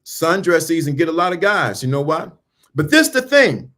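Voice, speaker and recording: A man on the high side, with big pitch swings and a fairly bright tone, talks at a moderate pace over slight background noise. His motivational message on dating and mindset comes in an emphatic, repetitive, preaching style, laced with slang and questions for the listener.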